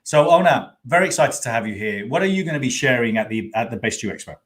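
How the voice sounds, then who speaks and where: A man's voice: mid-range voice, very animated, fast. Enthusiastic man hosting an online expo. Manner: enthusiastic, effusive welcomes. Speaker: host.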